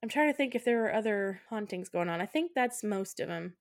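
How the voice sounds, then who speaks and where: A woman's voice: medium pitch, lively intonation, a little fast, no room sound, studio quality. Casual woman recapping a film. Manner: laughs often, acts out quotes in voices. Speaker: podcast co-host. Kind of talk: casual movie recap chat.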